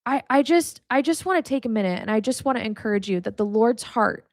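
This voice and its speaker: A woman's voice: fairly high pitch, lively intonation, a little fast, hardly any pauses, no room sound, clean studio sound. A woman hosting a podcast with a casual faith teaching, talking candidly and straight to the listener, swearing freely and speaking with emotion. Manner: talks straight to the listener, calls them honey. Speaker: podcast host.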